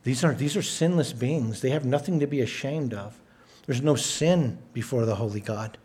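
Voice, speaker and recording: A man preaching a sermon, stressing points by repeating words, with a measured, emphatic delivery. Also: mid-range voice, a little mellow. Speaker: pastor.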